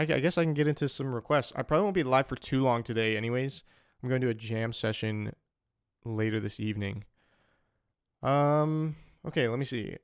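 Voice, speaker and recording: Chatty young man with a smooth, dry voice. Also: medium pitch, no room sound. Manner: chatty, greets viewers by name, loose and rambling. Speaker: streamer and musician. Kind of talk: casual livestream chat.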